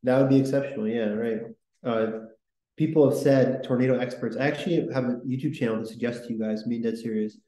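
A man's voice: medium pitch, steady tone, fast, warm tone, reverberant, low-quality recording. A man hosting a casual history podcast, talking in a rambling, enthusiastic way with lots of fillers. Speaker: podcast host.

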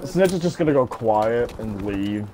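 A man on a headset giving casual gameplay commentary and chatting with his party, excitable and swearing a lot. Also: on the low side, unhurried, noisy background. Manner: excitable, heavy swearing, frequent laughter. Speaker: gaming streamer. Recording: game gunfire mixed under voice.

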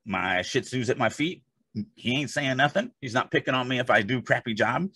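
A man's voice: mid-range voice, moderate pace, bright, forceful tone, breathy edge, dry recording. A man co-hosting a podcast, chatting casually in an emphatic, rambling way full of asides. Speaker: podcast co-host. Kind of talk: casual chat.

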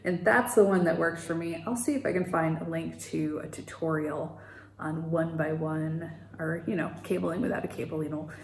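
A woman's voice: low-pitched, fairly even intonation, moderate pace, darkish tone. Chatty woman in an echoey room. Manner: chatty, rambling, with fillers and laughs. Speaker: knitting podcast host. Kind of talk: casual knitting video chat. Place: home.

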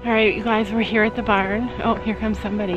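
Over loud music, a Canadian mom talks fast to her viewers in a casual handheld vlog, her medium-pitched delivery flat but chatty. The sound is lo-fi, and she addresses the audience directly.

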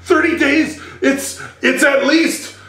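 A man doing a high bratty manchild. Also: fairly even intonation, slow, reverberant, full character voice. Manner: bratty and shouty. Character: whiny childish young man puppet.

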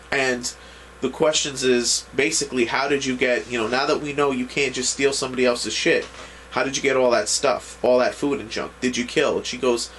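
A man's voice: mid-range voice, steady tone, moderate pace, noisy background. A man giving a casual, rambling recap of an anime episode, full of restarts and fillers. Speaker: anime reviewer.

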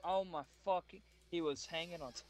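A man's voice: a little high, brisk, crowd noise. A young man in a casual gaming chat, ranting and stumbling over his words, swearing a lot on a headset mic. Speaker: gaming friend.

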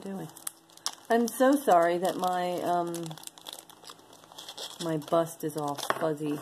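A woman's voice: on the low side, a little mellow, a little hiss or hum, rough recording. A woman chatting casually to viewers as she shows and sells jewelry, rambling and talking to herself between items. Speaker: online jewelry seller. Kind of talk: casual sales chat to viewers.

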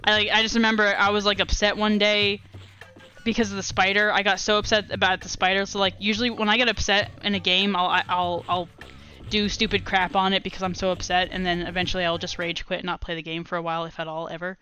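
A woman chatting casually while streaming a game live, rambling and excitable as she talks to viewers. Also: medium pitch, fast, soft background music. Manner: rambling and excitable, restarts and laughs often. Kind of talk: casual live gameplay commentary.

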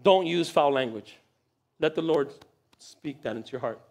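A man preaching a sermon in church, animated, acting out little voices and laughing often. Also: on the high side, moderate pace, vocal fry. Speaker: pastor. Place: church sanctuary.

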